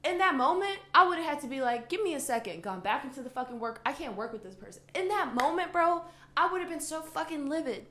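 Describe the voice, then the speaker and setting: A woman's voice: high voice, expressive, fast talker, hardly any pauses, bright, forceful tone. A woman co-hosting a podcast, a native Spanish speaker, talking casually and ranting heatedly with a lot of swearing. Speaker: podcast co-host. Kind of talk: casual chat. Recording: roomy echo.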